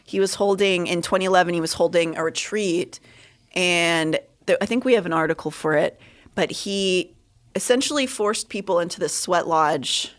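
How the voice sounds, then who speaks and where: Woman cohosting a chatty livestream, gets animated and jumps up high on the jokes. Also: normal speed. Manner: animated, pitch jumps on punchlines. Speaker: podcast co-host. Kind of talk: casual livestream chat.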